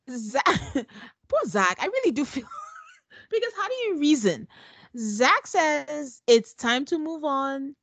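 A woman's voice: sits high, takes it slowly, long pauses, dry recording. A woman co-hosting a casual podcast, retelling a scene with lots of laughter and imitations. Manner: animated storyteller, laughs often, mimics voices. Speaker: podcast co-host. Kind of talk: casual recap chat.

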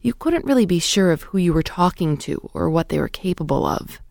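A woman hosting an audio documentary, narrating in a measured scripted way and putting questions to her guest. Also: fairly low pitch, expressive, darkish tone, no echo, clean studio sound. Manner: measured, clear storytelling narration. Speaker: host and narrator.

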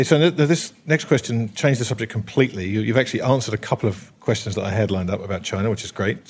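A man's voice: on the low side, a little mellow. A man hosting an interview, reading out audience questions with wry, joking asides. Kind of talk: conversational interviewing.

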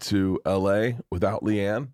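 A man's voice: lowish voice, slow, darkish tone. A middle-aged man hosting a podcast, telling rambling, profane, jokey stories in casual chat. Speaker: podcast host.

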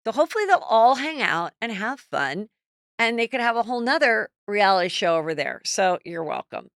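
A middle-aged woman hosting a celebrity gossip podcast, telling stories in a chatty, animated way. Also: medium pitch, a little fast, no echo, clean studio sound. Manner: chatty, animated storytelling with quoted asides. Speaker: podcast host. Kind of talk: casual celebrity gossip chat.

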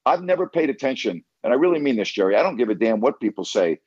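A man's voice: medium pitch, big pitch swings, fast, darkish tone, breathy edge, no echo, muffled recording. A man hosting a call-in sports radio show, blunt and emphatic, who keeps repeating himself to press his point.

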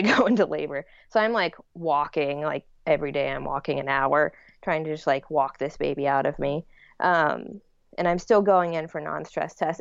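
A woman's voice: fairly low pitch, clean tone, dry recording. Woman, casual storyteller, fillers throughout, dull dry audio. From United States. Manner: chatty, lots of "like" and "um". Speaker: guest telling her birth story.

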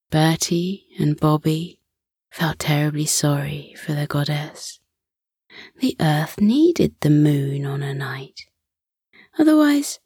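Woman, bedtime story narrator, low voice, slow soft half-whisper, breathy. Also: no room sound, clean studio sound.

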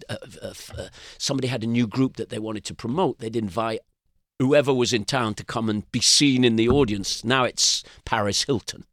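In a casual storytelling interview, an older English musician wanders through anecdotes, restarting frequently. His medium-pitched voice is a bit bright, in clean studio sound with no echo.

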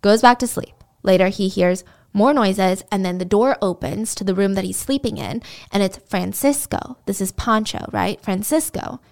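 A woman's voice: mid-range voice, normal speed, vocal fry, darkish tone. A woman host retelling a true crime case in a conversational way, with indignant asides. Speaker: podcast host.

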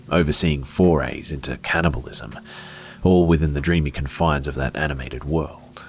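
Brief: man with an extremely low voice, scripted horror narration, hushed and slow, faint music underneath.

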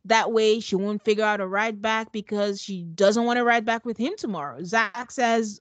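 A woman's voice: mid-range voice, normal speed, hardly any pauses, no echo. A woman co-hosting a podcast, recapping a reality show in casual chat, laughing often and acting out what people said. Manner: animated, laughing often, acts out quotes. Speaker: podcast co-host.

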